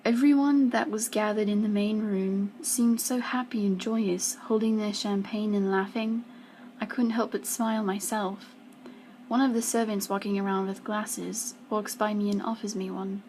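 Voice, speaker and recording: A woman's voice: mid-range voice, fairly even intonation, moderate pace, darkish tone, slight background noise, poor audio. A young woman reading her own first-person story aloud for a school project, sometimes dropping into whispers and stumbling now and then. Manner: slips into whispers, small stumbles. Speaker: student reader.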